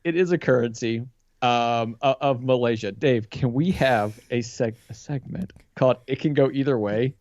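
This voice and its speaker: A man running a quiz on a casual podcast, teasing and amused. His voice sounds a little dull and lo-fi, recorded dry. His pitch is average for a man. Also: normal speed, a little mellow, dry recording. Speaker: podcast co-host, quiz master. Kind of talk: casual chat.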